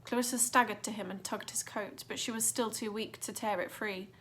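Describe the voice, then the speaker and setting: A woman's voice: mid-range voice, fairly even intonation, brisk, a bit bright. A woman reading a children's adventure book aloud with dramatic expression. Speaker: narrator. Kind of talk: storybook reading.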